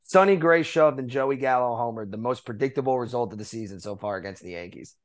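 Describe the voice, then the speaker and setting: Male podcast co-host, mid-pitch, casual sports chat, reads items with fillers. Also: fast. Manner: conversational, reads notes with fillers.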